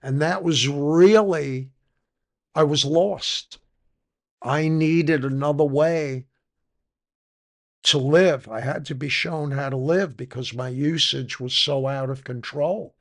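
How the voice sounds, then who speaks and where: A man's voice: a little high, slow. An older man, telling his personal recovery story frankly in a conversational interview. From New York. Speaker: podcast guest.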